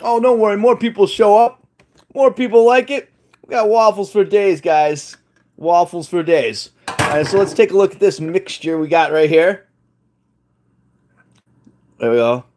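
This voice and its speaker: A man's voice: high voice, unhurried, long pauses, a little mellow, a little hiss or hum. A man hosting a cooking challenge from his home kitchen, talking casually and jokingly to a live audience. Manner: chatty, joking, self-deprecating. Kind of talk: casual live-stream chat.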